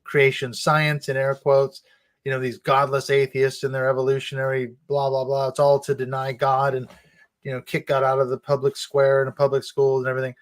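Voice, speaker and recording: A middle-aged man, a guest author, talking casually and telling animated stories about his upbringing, laughing now and then. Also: mid-range voice, brisk. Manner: animated storytelling with frequent laughs. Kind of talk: casual conversation.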